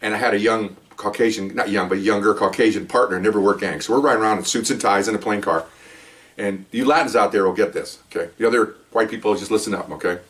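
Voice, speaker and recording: An older man, a retired cop, talks quickly and keeps drifting into jokey side stories. He keeps checking in with "okay?" and "you know" as he goes. His voice sounds a bit distant from the microphone. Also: lowish voice, fairly bright tone. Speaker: retired police officer telling stories. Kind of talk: casual storytelling monologue.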